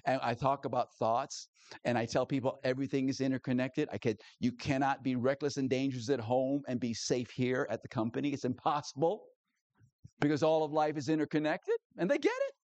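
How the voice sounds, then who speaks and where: A man preaching a sermon in an animated way, often repeating key phrases and checking in with the congregation. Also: medium pitch, fairly quick, dry recording. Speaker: pastor.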